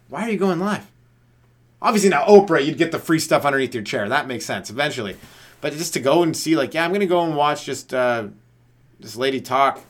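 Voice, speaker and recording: A man hosting a solo comedy podcast, riffing in a rambling, profane rant that chases tangent after tangent and slips into quick voices of other people. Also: mid-range voice, a bit bright. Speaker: stand-up comedian and podcast host.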